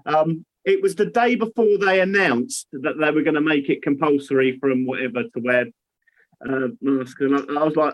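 A man's voice: on the high side, moderate pace, rough recording. A man in casual chat at home, joking and laughing through his stories. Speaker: podcast co-host.

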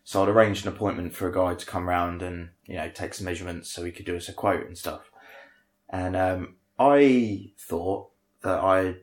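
A man's voice: low-pitched, fairly even intonation, normal speed. A man telling a rambling, self-mocking story to friends, swearing casually. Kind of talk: casual anecdote among friends. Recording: echoey room.

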